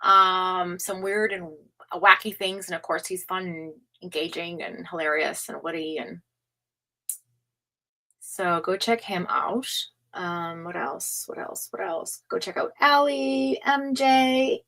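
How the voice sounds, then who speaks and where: A woman's voice: fairly low pitch, fairly even intonation, takes it slowly, bright, forceful tone, low-quality recording. A woman doing a casual live-stream tarot reading, chatty and gushing with lots of fillers. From United States. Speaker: tarot reader.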